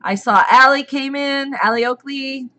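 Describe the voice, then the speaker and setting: A chatty woman hosting a homestead live stream, her voice sitting a little higher than most. She talks casually to her viewers, greeting them by name and answering their questions. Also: normal speed, bright, forceful tone.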